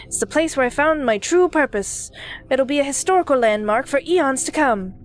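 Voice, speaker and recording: A woman's voice: high-pitched, expressive, normal speed. A woman voicing a pompous elderly man with a British accent who claims to be God. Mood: haughty. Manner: smug, self-important, condescending.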